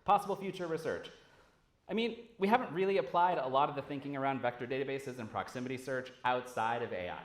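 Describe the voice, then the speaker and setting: A man on stage giving a conference talk in a loose, animated way, cursing freely. His voice carries the roomy ring of a large lecture hall. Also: medium pitch, quick pace. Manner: casual, animated, swears freely. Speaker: conference speaker.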